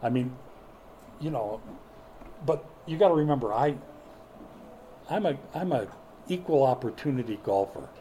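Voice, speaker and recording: Folksy older preacher with a mellow voice. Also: male voice, mid-range voice, expressive, normal speed, long pauses, a little hiss or hum. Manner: folksy, joking storyteller who rises to loud emphatic preaching. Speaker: pastor. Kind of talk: sermon.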